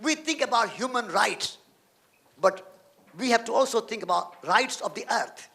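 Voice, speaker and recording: Guy giving a talk, really high bright voice, piles up phrases and leans hard on them. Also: lively intonation, moderate pace, creaky. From India. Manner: emphatic, repeats phrases in lists. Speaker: guest speaker. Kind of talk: storytelling lecture. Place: lecture hall.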